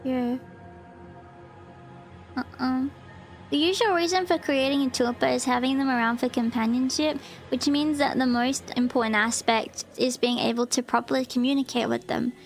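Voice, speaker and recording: On a laid-back live stream, a woman with a bright, high-pitched voice reads a passage aloud. Her delivery is loose and chatty, packed with "um"s and "like"s, and she keeps dissolving into giggles and squeaky yelps of disbelief. She's a VTuber streamer.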